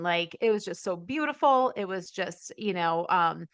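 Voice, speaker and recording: A woman's voice: medium pitch, unhurried, hardly any pauses, no room sound. A woman in her forties, a podcast guest, telling stories energetically with lots of "um" and "like". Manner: energetic storyteller, many fillers. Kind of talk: casual interview chat.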